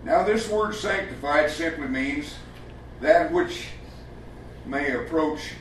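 A man's voice: fairly high pitch, expressive, slow pace, slight background noise. A man preaching a sermon in a folksy, emphatic way, asking rhetorical questions in a church. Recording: echoey room with the mic far off.

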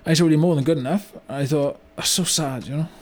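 An actor playing a remorseful older British business owner in a comedy monologue, with a rambling delivery full of "you know" and "right?". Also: male voice, a little high, fast, lightly acted. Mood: rueful. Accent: British English. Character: remorseful older male car yard owner, blunt. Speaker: business owner telling a story. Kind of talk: mock-documentary comedy monologue.

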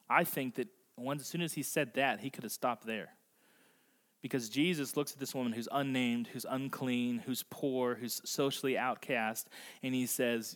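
A male pastor preaching a conversational sermon, slowing down and softening his voice for emphasis. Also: medium pitch. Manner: acts out voices in quotes. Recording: long reverb of a large hall.

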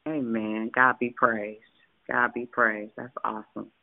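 Woman pastor, prayer-line host; gravelly, affectionate, heard over a dry, tinny phone line. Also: extremely low pitch, flat delivery, measured pace, dry recording. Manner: affectionate, calls callers babe and sugar. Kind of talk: casual prayer-line chat.

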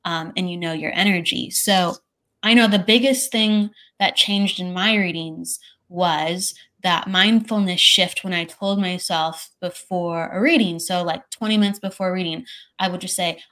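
Low-voiced woman, reflective and measured. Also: fairly bright tone. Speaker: psychic medium, guest. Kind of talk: casual podcast conversation.

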